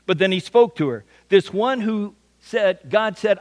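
A man preaching a sermon, his voice sitting fairly high. He talks in a homely, folksy way and keeps tripping over repeated words as he goes. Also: normal speed, hardly any pauses, in a large hall. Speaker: pastor.

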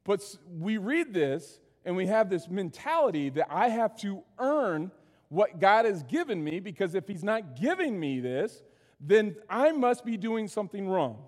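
A man's voice: high voice, sing-song, a little slow, darkish tone, long reverb tail. A man preaching a sermon as pastor, talking in a conversational way with frequent asides to the congregation.

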